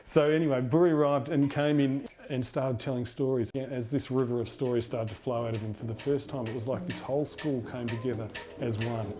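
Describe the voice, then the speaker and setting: A man's voice: medium pitch, fairly even intonation, fairly quick, few pauses. A man from Australia, a former teacher, speaking reflectively in a documentary interview. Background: soft guitar music.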